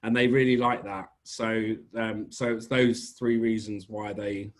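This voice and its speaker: A British man with an English accent, a small business owner, chats as a guest on a casual podcast interview. He tells rambling stories and corrects himself as he goes. His voice is fairly low and level, at a measured pace.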